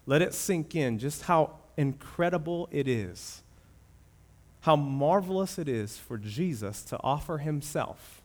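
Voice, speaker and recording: A man preaching a sermon as pastor, moving between loud emphatic declarations and hushed, reverent passages. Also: fairly high pitch, lively intonation, unhurried.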